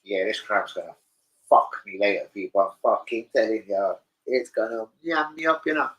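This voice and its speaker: A man rambling casually to camera as a football betting vlogger, sweary and excitable. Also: lowish voice, moderate pace, slight background noise, low-quality recording.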